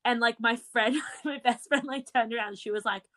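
A young woman with an Australian accent softened by a British twang, co-hosting a podcast in giggly, casual chat full of "like". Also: on the high side, steady tone, brisk. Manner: chatty, giggly, lots of "like". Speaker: podcast co-host.

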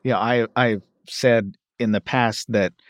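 A man with a fairly low voice hosts an interview, posing careful, deliberate questions. The sound is dry and close, with no room echo. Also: fairly even intonation.

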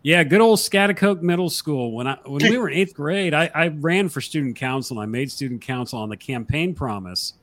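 A man's voice: fairly high pitch, animated, fairly quick, few pauses, a bit bright. A man hosting a casual chat, easygoing and chatty, reading out viewer comments and reminiscing. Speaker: host.

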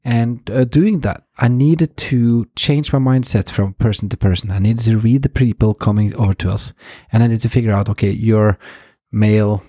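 A man's voice: on the low side, normal speed, few pauses, mellow, dry recording, studio quality. A Norwegian-speaking man in his thirties or forties hosts a podcast, chatting casually and thoughtfully with frequent hesitations. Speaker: podcast host. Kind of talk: casual chat.

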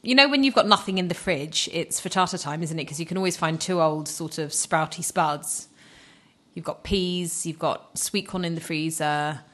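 A woman's voice: low voice, moderate pace, fairly bright tone. A woman in her thirties co-hosting a podcast, telling rambling stories and prone to giggles. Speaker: podcast co-host. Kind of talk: casual chat.

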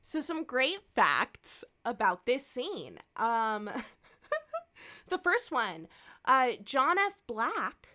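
Speaking extremely slowly in a high voice, a woman co-hosts a podcast and recaps an episode. The chat is casual and animated, full of free swearing, and she performs the characters' lines.

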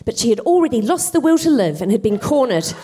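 Woman, stand-up comedian, wry storytelling, live theatre stage, higher voice. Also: sing-song, quick pace, mellow, slight background noise. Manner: wry, self-deprecating asides. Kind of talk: comic storytelling to live audience.

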